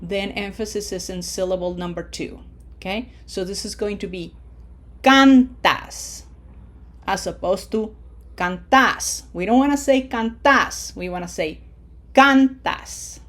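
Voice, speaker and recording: A woman at a middle pitch gives a recorded online language lesson. She walks through rules patiently and keeps checking in with an "okay?". When she models a word she slows right down and leans on the stressed syllable. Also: darkish tone. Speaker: Spanish teacher.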